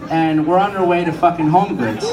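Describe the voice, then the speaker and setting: A young stand-up comedian with a voice on the high side works through a profane set at a comedy club, voicing the people in his stories. The mic sits at a distance in an echoey room, and the audience keeps laughing.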